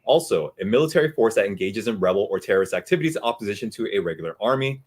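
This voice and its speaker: A man co-hosting an interview over a video call, reading out definitions and viewer messages in a brisk, businesslike way. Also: lowish voice, expressive, a little mellow. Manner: quick, reads out definitions and super chats. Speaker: co-host. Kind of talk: casual interview chat.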